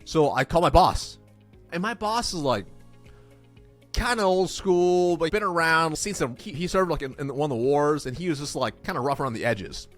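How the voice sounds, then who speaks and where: A man in his thirties, a sales coach and podcast guest, telling a story in an animated way and acting out the dialogue. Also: a little high, moderate pace, soft background music. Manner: acts out dialogue, excitable.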